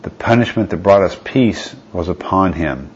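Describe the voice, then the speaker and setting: A man's voice: sits low, lively intonation, normal speed, highs cut off, a little hiss or hum. A man preaching a sermon, reading scripture aloud and asking his listeners rhetorical questions.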